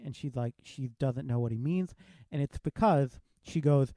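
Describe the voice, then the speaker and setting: A man's voice: mid-range voice, normal speed, dark tone, no room sound. A man hosting a podcast, chatting casually as he reviews a film and retells its scenes with quoted lines. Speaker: podcast host.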